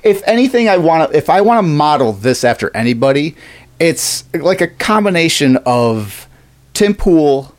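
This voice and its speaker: A man's voice: on the high side, very animated, normal speed. Casual, profane male podcast host. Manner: loose and profane, acts out quotes.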